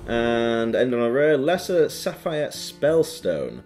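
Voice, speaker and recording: A man's voice: mid-range voice, big pitch swings, slow, darkish tone, soft background music. A man hosting his own gaming channel, casually commenting on a card game with playful quips and goofy sound effects while reading card text aloud.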